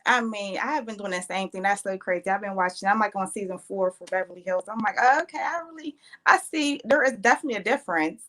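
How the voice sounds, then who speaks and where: A woman caller, chatting casually at a middle pitch. She hesitates and lets her thoughts trail off. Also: fast talker, hardly any pauses, sharp tone. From Pittsburgh, Pennsylvania. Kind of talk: casual phone-in chat.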